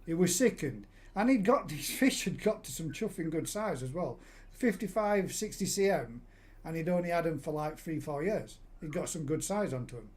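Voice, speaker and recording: A man in middle age hosts a casual live stream chat. He rambles through stories with frequent restarts, his voice pitched slightly high for a man. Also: expressive, normal speed, darkish tone. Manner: chatty, rambling storyteller with many restarts. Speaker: host. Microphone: live stream call.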